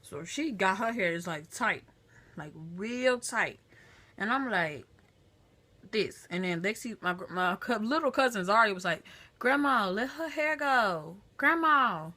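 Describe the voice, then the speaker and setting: Bright-voiced woman telling a story. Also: medium pitch, a little slow. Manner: chatty, lively retelling with acted-out quotes. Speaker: vlogger. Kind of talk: casual storytelling to camera. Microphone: phone camera.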